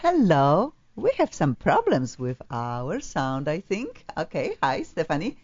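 A woman's voice: low voice, huge pitch swings, unhurried, muffled recording, loud music behind the voice. A woman from Poland with a Polish accent, hosting a live radio talk show in a gushing, effusive way. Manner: effusive, gushing, non-native grammar.

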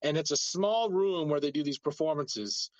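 A man's voice: on the high side, moderate pace, dry recording. A man hosting a casual conversation, telling a story in a rambling way with lots of filler words.

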